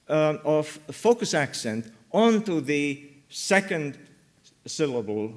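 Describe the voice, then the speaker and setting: A man giving an academic linguistics talk at a workshop, speaking with many ums and pauses. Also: medium pitch. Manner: slow, many ums and uhs, pauses mid-phrase. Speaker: linguistics lecturer. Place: lecture hall.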